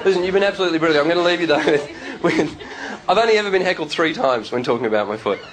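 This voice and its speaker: A man with an Australian accent doing stand-up comedy, telling stories in a chatty, quick manner on a club stage. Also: a little high, animated. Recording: live club with loud crowd.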